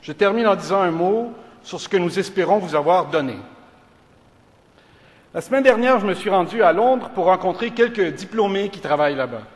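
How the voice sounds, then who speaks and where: A middle-aged man, a law school dean, giving a formal graduation speech in a measured, rhetorical manner, moving between English and French. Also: high-pitched, animated. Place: large ceremony hall. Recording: reverberant hall.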